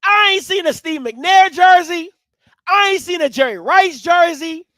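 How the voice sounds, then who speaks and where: A man hosting a live sports talk stream, swinging from low musing to loud, animated ranting. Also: unhurried, no echo. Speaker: sports commentary host.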